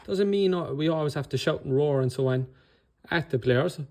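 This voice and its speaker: A man's voice: on the high side, normal speed, a little mellow. A man with an Irish accent, coaching in a motivational talk, speaking with controlled anger and passion and often checking in with "okay?". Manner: blunt, swears, keeps checking in with "okay?".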